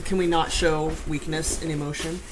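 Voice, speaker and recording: A woman's voice: sits low, steady tone, moderate pace, very noisy. A woman co-hosting a casual baking livestream, chatting and reading viewer comments aloud. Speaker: baking show co-host.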